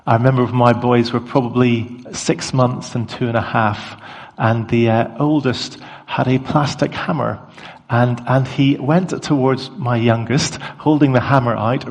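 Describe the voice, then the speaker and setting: Middle-aged male preacher, conversational and self-deprecating, gravelly tone, long hall echo. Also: medium pitch, a little mellow. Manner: conversational, self-deprecating, with short pauses and fillers. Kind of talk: sermon.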